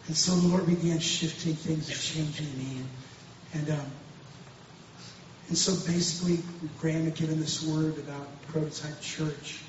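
A man with a slightly high, steady voice speaks at a normal pace as a pastor, offering an earnest, emphatic personal testimony and often repeating himself or starting over. The recording sounds distant and very echoey, dull and noisy.

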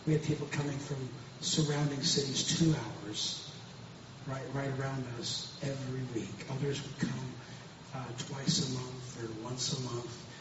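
A man's voice: medium pitch, steady tone, unhurried. A man speaking as a pastor, giving an earnest, emphatic personal testimony, often repeating himself and restarting. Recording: very echoey distant room, dull and noisy.

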